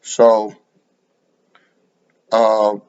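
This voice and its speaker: A man's voice: lowish voice, completely flat delivery, drawn-out words, darkish tone, clean tone. A man preaching bluntly, lecturing and repeating words as he speaks, in a dull lo-fi recording. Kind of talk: sermon to camera.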